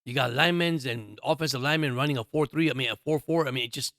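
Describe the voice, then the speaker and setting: A fast-talking man with a mid-range, fairly bright voice hosts a sports podcast in a dry, clean studio recording. His monologue is intense sports commentary delivered directly to listeners, peppered with "guys" and repeated points.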